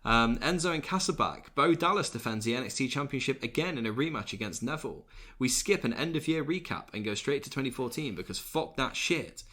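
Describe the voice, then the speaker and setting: A man's voice: mid-range voice, animated, brisk, hardly any pauses, sharp tone. A man in his thirties co-hosting a podcast, reading out news items and cracking jokes between them. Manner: jokey, reads out news items with asides. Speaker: podcast co-host. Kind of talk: casual chat.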